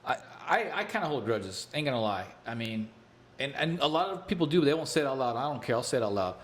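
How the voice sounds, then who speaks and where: A man's voice: mid-range voice, sing-song, quick pace, a little hiss or hum. A man co-hosting a casual political talk show, blunt and outspoken, often stammering as he starts a point. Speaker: co-host.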